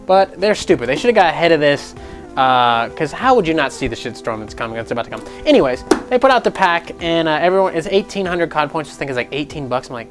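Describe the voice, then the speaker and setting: A young man hosting a casual gaming news show, animated and jokey, often slipping into mocking voices. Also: fairly high pitch, quick pace, faint music behind.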